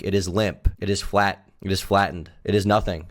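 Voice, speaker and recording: A man streaming live, delivering a melodramatic, self-pitying mock-serious rant in a deadpan tone. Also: low voice, fairly quick, hardly any pauses.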